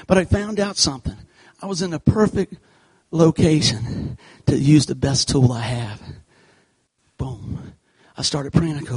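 Husky-voiced man preaching with folksy stories. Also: fairly high pitch, a little fast. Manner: animated, folksy storyteller acting out scenes. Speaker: church speaker. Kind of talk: sermon told through a comic personal story.

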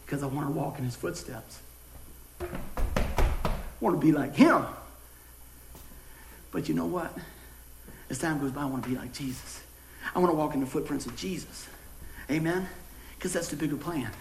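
A middle-aged pastor, preaching a sermon with jokes and folksy storytelling. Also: male voice, a little high, moderate pace, creaky, long pauses, a little hiss or hum. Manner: folksy, joking, animated storytelling. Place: church sanctuary. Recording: echoey church room.

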